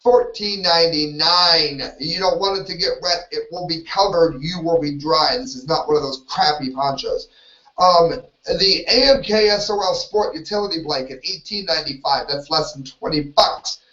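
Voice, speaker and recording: A man's voice: on the high side, normal speed, pushed and bright. Opinionated male host, solo live show, dull distant lo-fi sound. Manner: rambling, opinionated, self-interrupting. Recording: roomy, distant, dull lo-fi audio.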